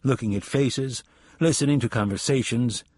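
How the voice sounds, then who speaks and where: Male audiobook narrator, husky timbre, mid pitch, measured thriller read, dry. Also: a little mellow, no room sound. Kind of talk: scripted narration.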